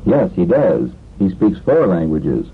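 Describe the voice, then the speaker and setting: Low raspy guy running a language drill, slow and deliberate, swoopy up and down, tinny phone-like old tape. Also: big pitch swings. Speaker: language course instructor.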